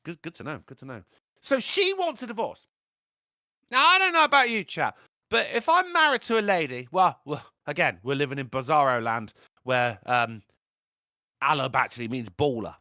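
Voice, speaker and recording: Male podcast host, rambling jokey storyteller, bright voice with a lot of swing, pitched a bit high, dry close sound. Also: big pitch swings, moderate pace, no room sound. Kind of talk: casual crude chat.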